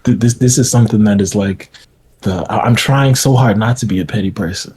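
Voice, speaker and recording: A man's voice: lowish voice, fairly quick, a little mellow, slight background noise. A man who is a filmmaker, appearing as a podcast guest, who talks through his stories thoughtfully with many fillers. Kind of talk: casual chat.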